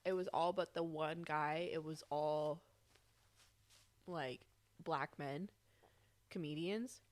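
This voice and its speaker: A young woman co-hosting an unedited podcast, talking loosely and laughing as she eats. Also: fairly low pitch. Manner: loose, rambling, laughs often. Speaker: podcast co-host. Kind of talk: unedited casual chat.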